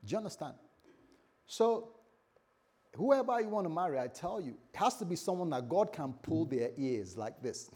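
A man's voice: a little high, big pitch swings, moderate pace, a little mellow, breathy edge. A man preaching a sermon as a pastor, in a conversational way, with frequent restarts and acted-out dialogue.

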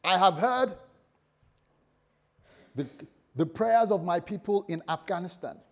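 A man voicing God as a solemn, commanding male deity, proclaiming loudly within a church sermon. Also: high voice, measured pace, voice pushed up.

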